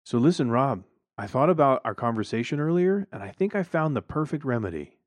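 A man's voice: medium pitch, animated, brisk, no room sound, pitched above the performer's own voice, natural voice. A man voicing an easygoing, unbothered stoner neighbor in a storybook reading. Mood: laid-back.

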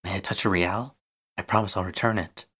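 A man's voice: sits low, fairly even intonation, fairly quick, sharp tone, slightly rough, heavily acted. A man reading aloud and voicing a smug, teasing gunslinging woman who craves gold.

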